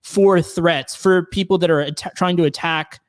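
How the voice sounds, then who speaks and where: A man's voice: sits high, fairly even intonation, moderate pace, dry recording, studio quality. A man working as a penetration tester, chatting casually as a guest and explaining his job with many fillers and restarts. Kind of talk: casual podcast conversation.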